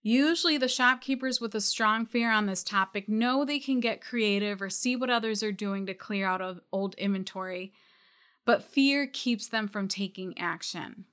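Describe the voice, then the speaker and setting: A woman with a bright, crisp voice speaks as a retail business coach. She talks straight to her listeners, encouraging but firm, pushing them past their excuses. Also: mid-range voice, moderate pace. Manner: direct, encouraging, calls listeners out. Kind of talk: coaching podcast talk.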